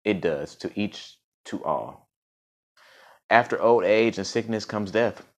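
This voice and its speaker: Guy doing a grave old-world charioteer, low voice, slow and steady. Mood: solemn. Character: loyal male charioteer, calm and grave.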